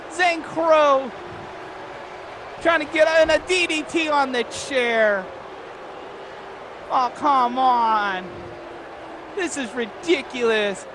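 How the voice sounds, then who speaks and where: An excitable wrestling commentator calling a match play by play, often shouting and swearing. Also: high voice. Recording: loud background noise.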